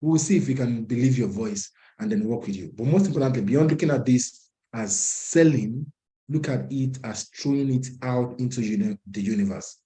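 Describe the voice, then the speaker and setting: A man's voice: mid-range voice, moderate pace, mellow, low-quality recording. A man who is president of the group, giving a motivational address at an online meeting and repeating lines for emphasis. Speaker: organization president. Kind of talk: motivational address on a video call.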